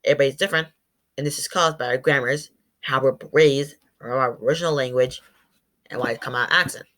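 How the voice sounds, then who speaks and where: A woman's voice: rumbling low, steady tone, fairly quick, fairly bright tone. A woman presenting to a class. She stumbles over words, corrects herself, and says sample words aloud. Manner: demonstrates sounds aloud. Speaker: student presenter.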